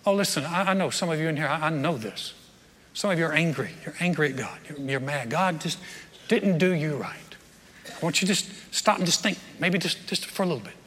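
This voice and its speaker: A man's voice: on the high side, a little fast, fairly bright tone, slight background noise. A man preaching as a pastor to a congregation, earnest and emphatic, often repeating his phrases. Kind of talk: sermon. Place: church service before a congregation. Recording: long reverb of a large hall.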